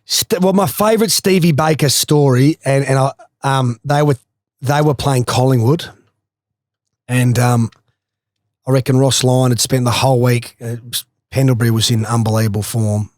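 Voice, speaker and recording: A middle-aged Australian man, a former footballer, guests on a podcast and tells animated stories full of swearing and laughter. His mid-range voice moves at a moderate pace, and the studio-quality recording has no echo.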